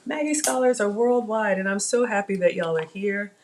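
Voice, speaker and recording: A woman's voice: mid-range voice, normal speed. A middle-aged woman hosting a live cooking stream from her home kitchen, chatting with viewers and calling them y'all. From Africa. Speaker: cooking channel host.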